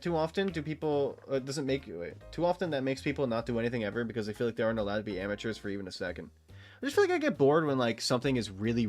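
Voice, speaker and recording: A man from Texas giving casual, rambling gameplay commentary as a streamer, swearing freely and laughing often. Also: medium pitch.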